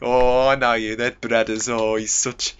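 A man's voice: medium pitch, little pitch movement, measured pace, a bit bright, smooth, lo-fi sound, natural voice. A young British man putting on a friendly, easygoing Birmingham local with a Birmingham accent in a drawling, mock-friendly impression. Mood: fond, teasing. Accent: Birmingham (put on).

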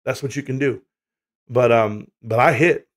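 A man's voice: medium pitch, moderate pace. Rambling, swearing man on a livestream. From United States. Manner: rambling, swearing, laughing storyteller. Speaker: livestream host. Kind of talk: casual livestream chat.

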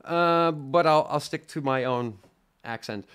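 A man's voice: fairly high pitch, slow, fairly bright tone, smooth. A young Dutch man with a faint Dutch accent, hosting a casual live product review and chatting with viewers, rambling with lots of fillers. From Netherlands. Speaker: tech livestream host.

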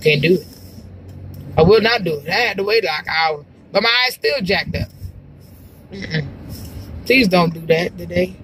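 A woman's voice: fairly low pitch, moderate pace, pauses often, noisy background. A woman vlogging from her car as she drives, chatting in a rambling, exclamatory way with sighs. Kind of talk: casual chat to camera while driving. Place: car, driving.

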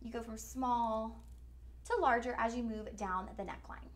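A woman's voice: a little high, a little slow. A woman hosting a live shopping stream, chatty, upbeat and a bit goofy. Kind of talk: live-stream jewelry selling. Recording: echoey studio room.

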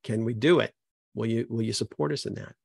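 A middle-aged HR consultant speaks on a panel, acting out both sides of a difficult workplace conversation. His medium-pitched voice is brisk, gravelly, husky and somewhat dark. The recording is dry and clean, studio quality.

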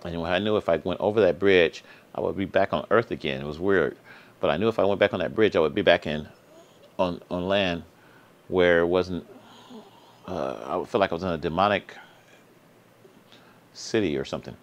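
A man with a deep, low voice talks straight to his viewers, telling a personal story in loose, slangy everyday speech. He is earnest and repeats himself for emphasis, and his voice jumps up high when he gets excited. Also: moderate pace, pauses often, lo-fi sound. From Sacramento area. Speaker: vlog host.

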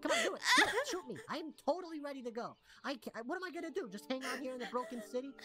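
A woman's voice: high-pitched, lively intonation, racing, poor audio. A woman voicing a tiny, cute alien townsperson in a video game, rambling and theatrically despairing. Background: game music.

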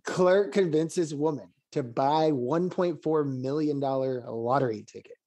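A man's voice: fairly high pitch, measured pace, darkish tone. A man hosting a casual podcast, reading out news headlines and laughing often with friends. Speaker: podcast host.

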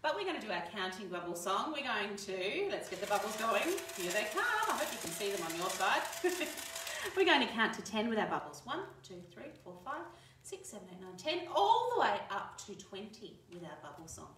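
A woman's voice: mid-range voice, big pitch swings, moderate pace, noisy background. A woman leading a livestreamed baby and toddler singing session, talking in a cheery, sing-song way to little ones and their parents. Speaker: library children's session presenter. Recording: echoey room, voice from a distance.

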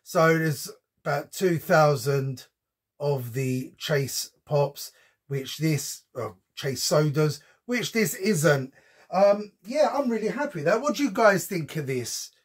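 A man's voice: on the high side, animated, takes it slowly, breathy edge. A man chatting casually as he unboxes a collectible for his channel, with frequent ums and slang. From United Kingdom. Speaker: unboxing vlogger.

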